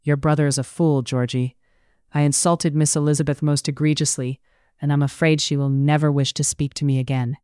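A narrator voicing a grave, restrained gentleman and older brother in a read-aloud story, with a smooth voice. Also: medium pitch, level tone, brisk, no room sound, clean studio sound, natural voice. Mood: ashamed. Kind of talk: audiobook character reading.

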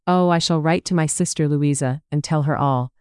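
A saccharine society lady, gushing and eager to please, as an audiobook narrator puts her on. The voice stays smooth and clear in a close, dry recording. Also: medium pitch, moderate pace, darkish tone, no echo, lightly acted. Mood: flustered. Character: saccharine, fawning young lady. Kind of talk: audiobook character reading.

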